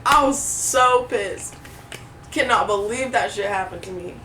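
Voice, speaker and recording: A woman co-hosting a podcast, telling a story in a casual, animated way, swearing freely and acting out what others said. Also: medium pitch, a little slow. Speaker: podcast co-host. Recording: roomy echo, mic at a distance, faint noise.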